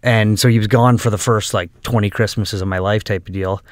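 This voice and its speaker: A man who is a guest on a podcast, talking in a relaxed, joking way. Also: lowish voice, brisk, no echo, studio quality. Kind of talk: casual podcast interview.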